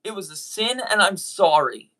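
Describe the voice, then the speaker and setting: This is a YouTube voice actor's apology video, in which he talks straight to his audience with earnest, faltering speech, often restarting as he says sorry. The voice is mid-range, very animated, and slightly bright.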